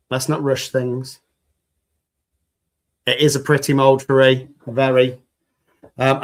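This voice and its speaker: Chatty man hosting a craft livestream. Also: mid-range voice. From United Kingdom. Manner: chatty, upbeat, jokey asides to viewers. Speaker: resin crafting livestream host. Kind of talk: casual livestream chat reading viewer comments.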